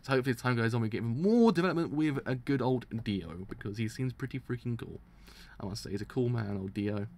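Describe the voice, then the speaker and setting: A young man streaming a live reaction, excitable, who swears and restarts his sentences while his throat is dry and sore. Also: medium pitch, fast talker.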